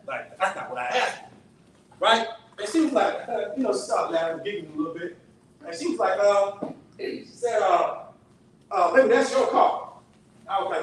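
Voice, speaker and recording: A man with a high voice tells a story from the pulpit in an easy, conversational way, checking in with his listeners often. He is heard from a distance in a very echoey church sanctuary. A faint hiss sits under the recording. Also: animated, moderate pace, pauses often. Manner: conversational, asks the audience "right?" often. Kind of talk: sermon-style storytelling.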